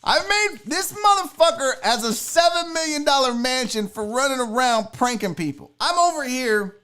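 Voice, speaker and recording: A man's voice: very high voice, moderate pace, smooth. A man hosting a live sports and entertainment stream, ranting casually to his chat with lots of swearing. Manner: profane, animated, talks to chat viewers. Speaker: podcast host.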